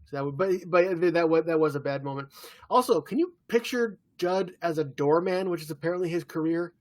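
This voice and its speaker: A man co-hosting a podcast in casual chat, relaxed and agreeable, often backing up his partner. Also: fairly high pitch, brisk. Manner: relaxed, agreeable, with frequent short yeahs. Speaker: podcast co-host.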